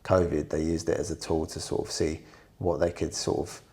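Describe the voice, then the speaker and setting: A man's voice: rumbling low, little pitch movement, fairly quick, mellow. A man co-hosting a casual podcast, rambling with many hesitations and ums. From Britain. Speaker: podcast co-host. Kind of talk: casual chat.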